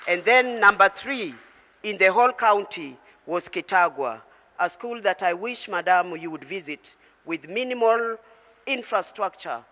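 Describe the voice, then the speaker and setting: High-voiced man reporting figures. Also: sharp tone, in a large hall. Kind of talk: formal public speech.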